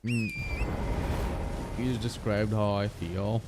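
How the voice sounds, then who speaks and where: A man's voice: fairly low pitch, measured pace, vocal fry, noisy background. A young man in his twenties streaming a game, chatting casually with viewers, swearing freely and laughing often. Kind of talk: casual chat with stream viewers while gaming.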